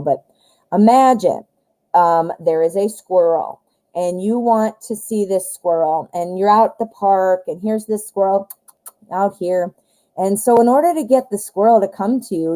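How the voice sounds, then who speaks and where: A woman reads tarot cards live for her viewers. Her voice is mellow and warm, and she talks in a chatty, expressive way, addressing the viewer as honey. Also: medium pitch, poor audio. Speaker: tarot reader.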